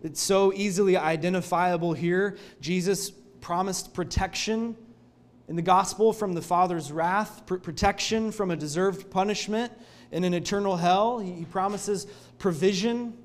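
A male pastor preaching a sermon in a church, telling the story in an earnest, expressive way. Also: sits high, moderate pace.

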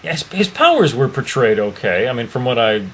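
A man in an easygoing movie-review chat, his voice sitting at a middle pitch. He hedges and restarts a lot and keeps circling back to his point. A faint hiss sits under the recording. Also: sing-song, a little fast, fairly bright tone. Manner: hesitant, many restarts and "I don't know". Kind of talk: casual chat.

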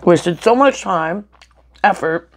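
A woman's voice: lowish voice, lively intonation, slow pace. A woman chatting casually to her camera while eating, blunt and frank, swearing and then apologizing. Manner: talks between bites while eating. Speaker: mukbang vlogger.

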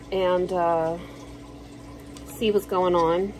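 A woman vlogger talks unhurriedly to her viewers, sharing her day in a loose, slangy, joking way. Her pitch sits in an ordinary middle range. A faint hum of room noise runs underneath. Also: animated, takes it slowly, rough recording. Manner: chatty, slangy, jokey storytelling. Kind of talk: casual chat to camera.

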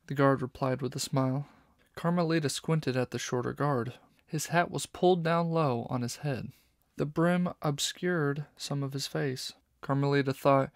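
A man narrating a children's novel audiobook in steady storytelling. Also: medium pitch, unhurried, no room sound, studio quality.

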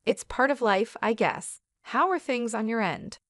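A woman doing a kindly, gentle old uncle. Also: fairly high pitch, a little slow, no room sound, studio quality. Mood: sympathetic. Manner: gentle, sympathetic.

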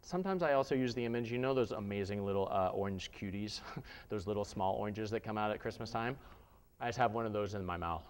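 A man's voice: lowish voice, quick pace, clean tone, big-room sound. A man, a theatre instructor, leading a live voice workshop, coaching listeners through exercises. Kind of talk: live workshop lecture with vocal demonstrations.

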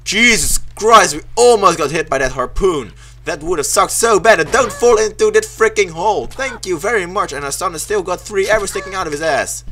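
A man's voice: high-pitched, normal speed. A young man, not a native English speaker, doing sarcastic let's play commentary, cursing and yelping at the game. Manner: sarcastic, swears a lot, yelps and shouts at the game. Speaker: gaming commentator.

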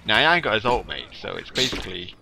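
A man's voice: on the low side, animated, quick pace, creaky, noisy background. A man chatting casually and teasingly while playing a video game with a friend, swearing freely. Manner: banter-heavy, swearing, teasing. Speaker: gamer. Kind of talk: casual gaming chat.

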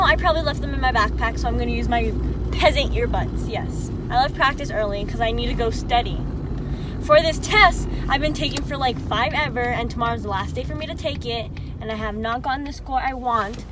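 Young female vlogger, high voice, dramatic and self-mocking, heavy car noise. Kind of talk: casual vlog chat. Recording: noisy car interior.

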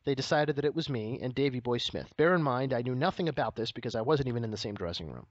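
A man's voice: mid-range voice, lively intonation, fast talker, no echo. A man co-hosting a casual podcast, reading a book aloud with comic asides. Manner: reads with comic asides and laughter. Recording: dull, slightly lo-fi dry audio.

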